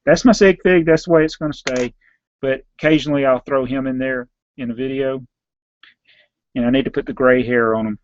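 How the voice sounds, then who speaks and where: A man's voice: mid-range voice, little pitch movement, a little fast, muffled recording, a little hiss or hum. Southern man rambling through viewer questions. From Southern United States. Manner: reads out viewer names and questions, then answers in a rambling, offhand way. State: slightly hoarse. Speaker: YouTube host answering viewer questions. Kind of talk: casual live Q&A.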